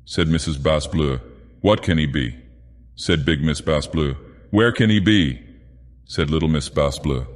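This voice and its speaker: An ancient, godlike villain, put on by a man, reads a storybook tale in a slow, grand, theatrical way. His voice sits very low and rumbles, and every word trails into a long cavernous reverb. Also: natural voice. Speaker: narrator. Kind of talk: dramatic storybook narration.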